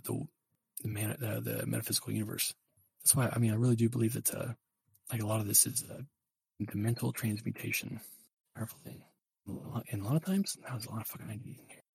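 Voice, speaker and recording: Brief: husky, gravelly young man, rambling and profane, livestream host on a dry close mic. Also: fairly low pitch, brisk, long pauses, dry recording. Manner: rambling, profane, animated storytelling. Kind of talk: casual livestream chat.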